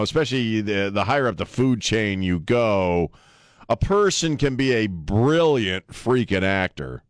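A man's voice: lowish voice, clear, resonant tone, dry recording, studio quality. A man hosting a talk radio show, delivering a sarcastic, rambling opinion monologue with many restarts.

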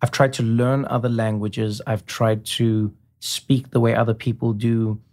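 Guy chatting on an interview, lively storyteller, mid-pitched voice. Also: measured pace. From South Africa. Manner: animated storyteller, slips into imitations. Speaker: comedian and guest. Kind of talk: casual interview chat.

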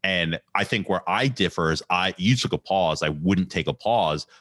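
Deep-voiced man musing in a dry room. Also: a bit bright, dry recording. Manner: reflective, halting, with restarts. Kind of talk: casual conversation.

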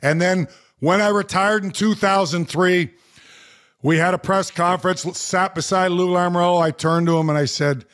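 Former pro athlete guest, man in his forties, fairly high voice, lively storyteller with frequent restarts. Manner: animated anecdote, quoting others, repeated restarts. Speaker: retired hockey player, guest. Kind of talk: storytelling in a casual interview.

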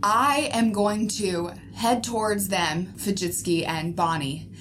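A woman's voice: medium pitch, measured pace, noisy background. A woman playing a tabletop role-playing game, speaking expressively in character. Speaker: player.

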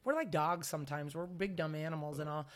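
A woman's voice: sits low, brisk. A woman in her forties, a podcast guest, talking in a candid, rambling, self-deprecating way and laughing easily at herself. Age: 40s. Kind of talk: candid conversational chat.

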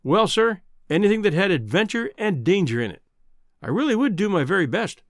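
Casting note: a man doing an eager twenty-three-year-old reporter, earnest and keen, with a lively, dry, close voice. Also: high-pitched, a little fast, no echo, voice pushed up.

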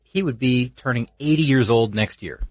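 A man's voice: medium pitch, normal speed, dry recording, clean studio sound. A man co-hosting a casual podcast, rambling a little as he reads out a listener's letter. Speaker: podcast co-host.

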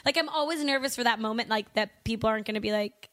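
A woman co-hosting a casual podcast chat, animated and exclamatory, laughing often. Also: a little high, fast talker, few pauses. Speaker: podcast co-host.

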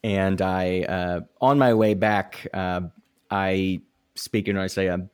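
A man playing a tabletop game, thinking out loud and hesitant as he plans. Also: deep voice, fairly even intonation, slow pace, clear, resonant tone. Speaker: player.

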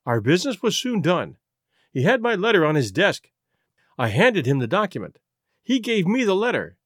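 A man reading the part of a frightened aristocratic woman confessing in a rush, with a lively, rising and falling voice in a dry recording. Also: sits high, normal speed, breathy edge, no echo, exaggerated voice. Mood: anxious.

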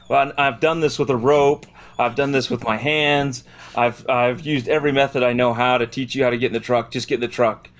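A man's voice: medium pitch, steady tone, brisk, fairly bright tone, slight background noise. A man talking casually as a podcast guest, a dog trainer, rambling and laughing often. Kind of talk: casual chat.

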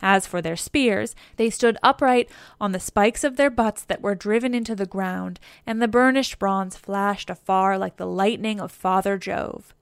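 A woman reading an epic poem aloud as scripted narration, in a measured, steady way. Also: mid-range voice, creaky, smooth, no echo, studio quality. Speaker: audiobook reader.

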